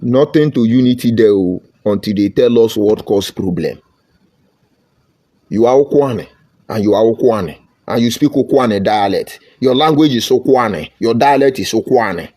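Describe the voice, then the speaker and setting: A man's voice: medium pitch, animated, normal speed, dark tone. A man from Nigeria with a Nigerian accent, giving fiery online political commentary full of mocking rhetorical questions.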